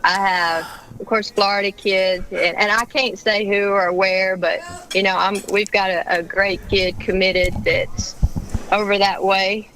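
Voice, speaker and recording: A woman's voice: medium pitch, level tone, a bit bright, a little hiss or hum, poor audio. Laughing Southern woman coach. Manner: chatty, laughing, drawn-out Southern talk. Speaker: basketball coach guest. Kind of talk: casual radio interview chat.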